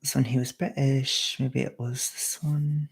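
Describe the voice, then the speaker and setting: A woman's voice: very deep voice, flat delivery, a little slow, creaky. A woman streamer in casual, rambling chat who sometimes drops into an ASMR whisper.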